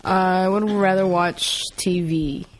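Woman, podcast guest, rambling, giggly, somewhat low pitch. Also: fairly even intonation, slow, noisy background. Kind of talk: casual interview chat.

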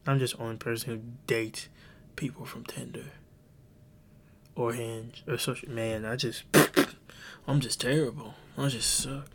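A man's voice: medium pitch, fairly even intonation, measured pace, vocal fry, pauses often, slight background noise. A man hosting a podcast, telling a story in rambling casual chat with many restarts and some swearing. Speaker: podcast host.

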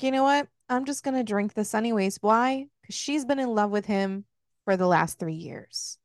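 On her book club podcast, a woman casually recaps a story, throwing in swearing and jokes. Her voice is fairly high, captured with a dry, clean studio sound.

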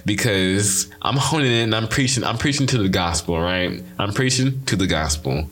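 A man's voice: fairly low pitch, expressive, moderate pace, few pauses, fairly bright tone. A young man hosting his own podcast in a casual solo monologue, giving playful, preachy, jokey motivational talk. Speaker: podcast host.

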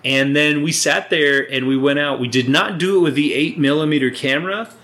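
A man's voice: fairly high pitch, fairly quick, a bit bright. A man co-hosting a podcast in casual chat, laid-back and enthusiastic, swearing freely. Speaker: podcast co-host. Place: indoor recording room.

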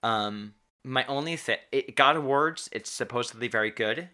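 A podcast co-host in casual chat, chatty and quick to laugh, stumbling over words now and then. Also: mid-range voice, pushed and bright.

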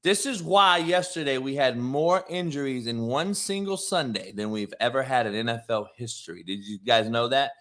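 Profane middle-aged male host, brash rant, animated bright delivery. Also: medium pitch, normal speed, few pauses. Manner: brash, profane, shouting and laughing at commenters. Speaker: host, former coach. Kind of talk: profane live-stream rant.

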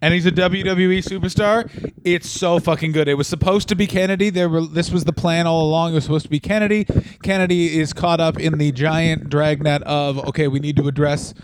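Animated, crude man riffing on a podcast. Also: a little high, fairly quick, background noise. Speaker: podcast co-host. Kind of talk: casual comedic chat.

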